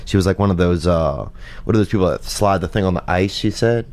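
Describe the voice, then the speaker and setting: A man's voice: low voice, a little fast, a little mellow. A man in his thirties hosting a podcast, telling long rambling stories in slangy casual chat full of "bro" and "dude". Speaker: podcast host. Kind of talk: casual storytelling.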